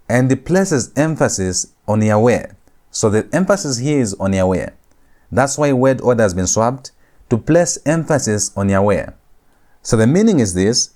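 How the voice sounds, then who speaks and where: Lively repetitive male Hebrew teacher. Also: medium pitch. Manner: repeats each phrase slowly, spelling out Hebrew terms; emphatic, stressing key words for students. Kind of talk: recorded classroom lecture.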